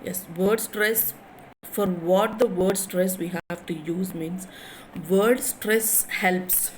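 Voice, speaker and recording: A woman's voice: lowish voice, steady tone, slow pace, slight background noise, low-quality recording. A woman lecturer in English with an Indian English accent, teaching a class, repeating key phrases and spelling words letter by letter.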